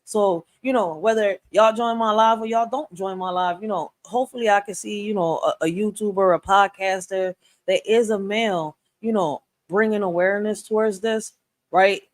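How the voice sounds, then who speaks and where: A woman hosting a live stream, giving blunt and passionate commentary that rises to loud outbursts. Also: mid-range voice, steady tone, normal speed, no room sound.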